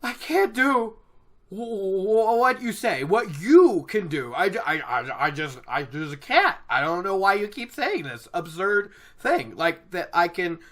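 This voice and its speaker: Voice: medium pitch, sing-song, a little slow, a bit bright, voice pushed up. A podcaster voicing a flustered young man in denial, stammering and protesting.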